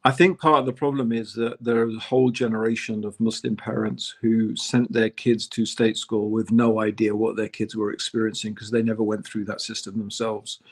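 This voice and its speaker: Animated man co-hosting a podcast. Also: lowish voice, normal speed, few pauses. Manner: conversational, animated, many "you know" fillers. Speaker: podcast co-host. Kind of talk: casual discussion.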